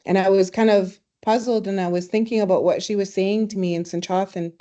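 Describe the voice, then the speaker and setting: A woman teaching a language in a webinar, speaking warmly and reflectively, telling stories and laughing easily. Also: mid-range voice, fairly even intonation, fairly quick. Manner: warm, storytelling, laughs easily. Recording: slightly dull webinar audio.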